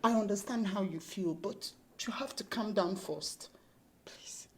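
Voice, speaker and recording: An actress playing an anxious woman who protects a troubled friend and keeps pleading with him to calm down. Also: a little high, a little slow, a little hiss or hum. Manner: pleading, soothing.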